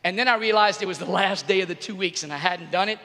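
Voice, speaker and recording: A middle-aged man and youth speaker telling a comic story to a live audience in an animated way, bursting into shouts. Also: high voice, fast talker. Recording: reverberant arena hall.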